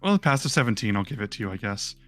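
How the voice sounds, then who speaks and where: A man's voice: fairly low pitch, big pitch swings, very fast, no echo. Man game master narrating with ums. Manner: loose, hesitant narration with many ums. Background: soft background music.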